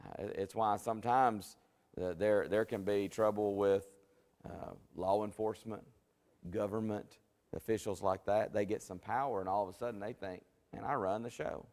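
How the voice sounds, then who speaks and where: Low-voiced man teaching Bible class. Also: fairly even intonation, normal speed, darkish tone. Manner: conversational, folksy, with fillers and restarts. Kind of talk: Bible study lesson. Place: church. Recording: long church hall reverb.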